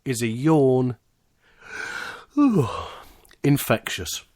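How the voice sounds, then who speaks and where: A man hosts a casual podcast in a medium-pitched, darkish voice, speaking very slowly with big pitch swings. He's playful and joking, and he hypes up announcements like a showman.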